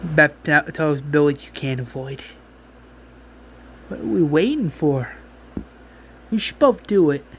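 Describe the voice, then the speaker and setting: A man's voice: fairly high pitch, animated, slight background noise. A man playing a grieving young man begging his sister. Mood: pleading. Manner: emotional, pleading, halting restarts.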